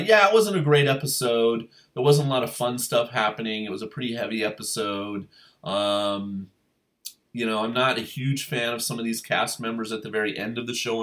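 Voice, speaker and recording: A man giving a casual spoken review of a reality show, rambling with many fillers and restarts. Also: a bit bright. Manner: acts out quotes in a higher voice.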